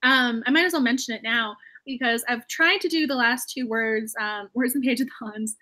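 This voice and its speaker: A woman's voice: on the high side, moderate pace, bright, forceful tone. A woman hosting a writing live stream, gushing and emotional, full of fillers and laughter. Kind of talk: casual live-stream chat.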